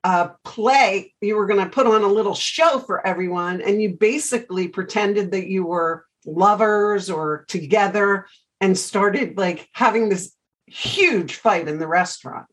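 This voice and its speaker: A middle-aged woman hosting an interview podcast, telling animated stories in a chatty, casual way. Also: medium pitch, unhurried, rough recording. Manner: chatty storyteller, animated anecdotes. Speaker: podcast host.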